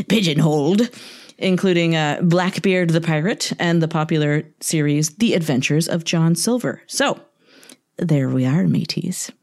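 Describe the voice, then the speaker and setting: Playful woman co-host, casual chat, a bit low in pitch. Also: darkish tone. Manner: playful, laughing often. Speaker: podcast co-host.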